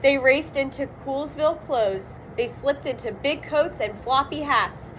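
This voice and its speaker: A woman narrates a children's storybook aloud in a high, bright register. She takes her time over every line. She gives the sound words real dramatic weight. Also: measured pace, slight background noise, low-quality recording. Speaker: storybook reader.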